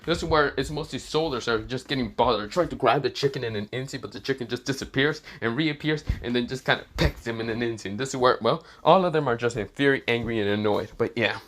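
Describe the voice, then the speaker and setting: A man's voice: mid-range voice, quick pace, hardly any pauses, fairly bright tone. A man rambling through an improvised fan-fiction retelling, full of fillers and restarts as he goes. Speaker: fan story narrator.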